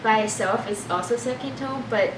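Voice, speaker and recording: A woman's voice: on the high side, normal speed, background noise. Woman tutor going step by step, patient, far off the mic, roomy echo. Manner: patient, explains step by step, confirms with "right". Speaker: Chinese teacher. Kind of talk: casual language lesson.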